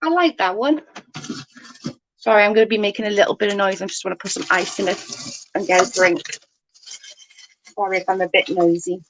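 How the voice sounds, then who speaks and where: A woman's voice: mid-range voice, a little fast, long pauses, dry recording. A woman, telling rambling stories with lots of giggles as she chats with her livestream viewers. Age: 40s. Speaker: livestream host. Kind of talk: casual chat with viewers.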